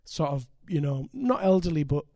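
An older man, preaching a sermon and telling stories with animated, emphatic delivery. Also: on the high side, moderate pace, no room sound. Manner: animated, building to loud emphatic peaks. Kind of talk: sermon with storytelling.

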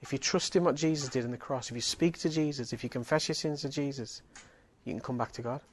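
A man's voice: mid-range voice, fast talker. A man preaching a sermon, his voice sitting in an ordinary middle register. He speaks earnestly and emphatically. He hammers his points home through repetition.

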